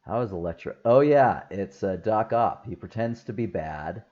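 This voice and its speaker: A man's voice: lowish voice, lively intonation, normal speed, highs cut off. A man talking casually through a film review, rambling and enthusiastic, with lots of fillers and laughs. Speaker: movie reviewer.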